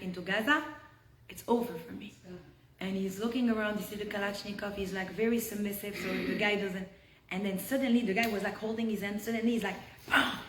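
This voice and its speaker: A woman teaching a Torah lesson on a video call. She tells the story with animated energy and drops to a hush when the tension rises. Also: mid-range voice. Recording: roomy echo.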